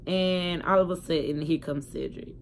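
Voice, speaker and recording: A woman's voice: fairly low pitch, fairly even intonation, moderate pace, a little hiss or hum. A young woman telling a casual story to her viewers, chatty and candid. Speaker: vlogger.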